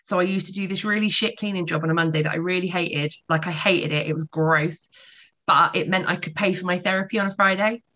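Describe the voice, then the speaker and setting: A woman's voice: lowish voice, steady tone, brisk, sharp tone, muffled recording. A woman in her forties, a podcast guest telling her personal story candidly, swearing freely.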